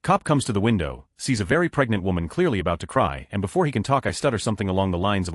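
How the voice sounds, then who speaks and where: Deep, fast-reading male story narrator. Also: very animated, no room sound, studio quality. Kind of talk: reading Reddit stories aloud.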